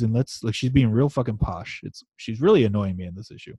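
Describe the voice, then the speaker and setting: Male podcast host, mellow tone, dry recording, casual rambling recap style. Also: fairly low pitch, a little fast, husky, no room sound. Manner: laid-back, chatty, swears and laughs. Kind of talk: casual comic book recap.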